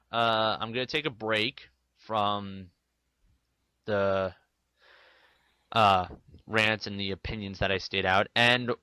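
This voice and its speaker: Ranting defensive man, bright voice. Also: lowish voice, smooth, dry recording, rough recording. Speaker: video maker ranting to the camera. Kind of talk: angry vlog rant.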